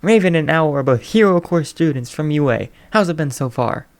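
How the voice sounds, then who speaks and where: A man voicing a loud, showy male radio DJ who hosts with exclamatory energy. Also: on the high side, lively intonation, moderate pace. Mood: hyped.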